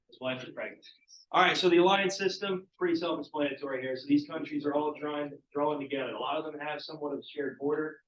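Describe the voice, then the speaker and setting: A male teacher with a fairly high, fairly bright voice leads an informal history lecture, posing questions to the class as he goes, heard through an echoey, distant, muffled classroom recording.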